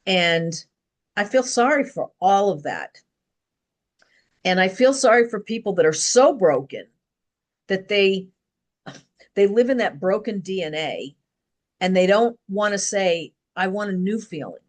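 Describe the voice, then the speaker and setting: A middle-aged woman talking to camera in an earnest, rambling personal monologue, pausing and restarting as she goes. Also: medium pitch, expressive. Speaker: vlogger.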